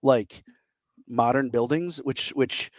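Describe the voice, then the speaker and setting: A man in his thirties co-hosts a casual podcast chat, speaking slowly in a mid-range voice with no echo. He's enthusiastic and rambling, frequently acting out what people said.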